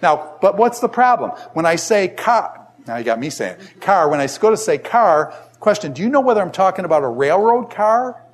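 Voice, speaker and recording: A man's voice: high-pitched, very animated, normal speed, hardly any pauses. An older man giving a classroom lecture in a conversational way, asking the class many questions as he teaches.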